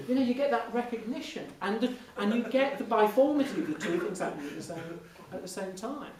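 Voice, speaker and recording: A man, an impressionist, telling lively anecdotes to an audience in a Q&A, often restarting mid-sentence. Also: sits high, brisk, few pauses. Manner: animated, lively storytelling with frequent restarts and laughs. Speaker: impressionist speaking as guest. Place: large hall before an audience. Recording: echoey hall, mic from a distance, faint noise.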